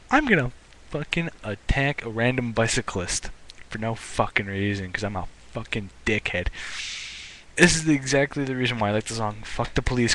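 Swearing constantly and restarting sentences again and again, a young man vents into the camera as a vlogger. His medium-pitched voice carries a sharp tone over a faint hiss or hum, and his indignant, profane rant comes across as ranting commentary.

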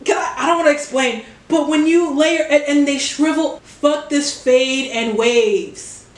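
Young woman, high and unhurried, excitable music-reaction vlogger, faint music behind. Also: reverberant. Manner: excitable, exclaiming and swearing, cheering at the song. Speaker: reaction video creator. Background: music playing from a speaker.

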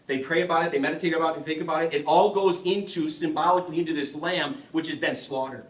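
Middle-aged man, parish speaker, higher voice, jokey and chatty, quizzes the audience, echoey hall, mic far off. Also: fairly even intonation, fast talker. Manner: humorous, asks the audience questions. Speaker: parish adult education speaker. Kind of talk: conversational teaching talk.

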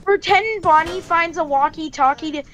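Very high-pitched dramatic female gamer. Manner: dramatic, quick to suggest pretend plot twists. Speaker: game player. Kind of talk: playful role-play chatter while gaming. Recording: clear background noise.

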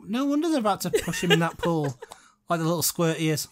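A man's voice: high voice, very animated, fairly quick, a little hiss or hum. An English man co-hosting a casual film commentary, making playful, jokey asides. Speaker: podcast co-host.

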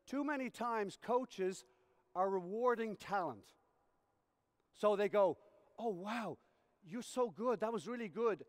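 High-voiced man lecturing in a hall. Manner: explains by acting out examples, often checks in with "okay?". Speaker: tennis coach educator. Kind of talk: conference lecture with demonstrations. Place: conference hall. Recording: reverberant hall recording.

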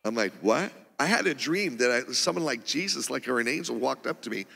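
A man preaching a testimony in a church auditorium, his voice gravelly and edged with a bright, forceful tone. He rambles excitedly through the story, circling back and restarting as he goes, while a long hall reverb trails behind each phrase. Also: medium pitch, fast. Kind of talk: testimony sermon.

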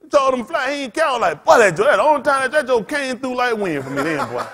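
A man preaching in loose storytelling style as a pastor, blunt and cussing, laughing as he swings between loud bursts and quiet asides. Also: extremely high pitch, sing-song, fast talker, few pauses. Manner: blunt, street-talking, cussing. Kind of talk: storytelling sermon.

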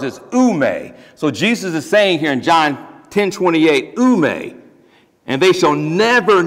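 A man preaching a sermon as pastor, emphatic and lively with joking asides, then leading a closing prayer. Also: on the high side. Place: church sanctuary. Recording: long reverb of a church hall.

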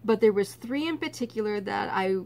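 A middle-aged woman from Canada telling a personal story in a casual vlog, laughing often and getting animated. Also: mid-range voice, a little fast, vocal fry, slight background noise. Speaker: vlogger.

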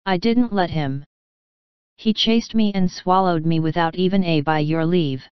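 A frightened little wooden marionette boy who pleads through sobs, as a woman reads him aloud. The voice sits low, smooth and very clear. It is a storybook recording, dry and a little muffled. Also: unhurried, dry recording, close to an everyday voice. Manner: sobbing, pleading.

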